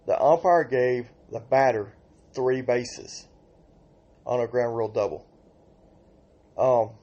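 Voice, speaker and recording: An older man hosting a podcast, telling softball stories in an exasperated, ranting way with sudden outbursts. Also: medium pitch, muffled recording. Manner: exasperated storytelling, rhetorical outbursts. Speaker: podcast host and senior softball player. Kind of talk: casual podcast rant.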